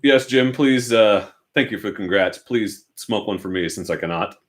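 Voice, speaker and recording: Speaking at a moderate pace with a fairly low pitch, a young Oregon man in the United States chats casually and self-deprecatingly with viewers of his motorcycle channel, answering them from his home garage.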